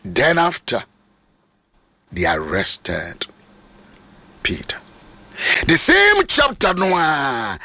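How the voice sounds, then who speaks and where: A Ghanaian man delivers a sermon, mixing Twi and English. His voice is gravelly and a little husky, with a bright, forceful edge. He swings widely in pitch, from low talk up to high shouts, in a dry close recording. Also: wildly swooping pitch, very slow, long pauses, no echo. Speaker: preacher.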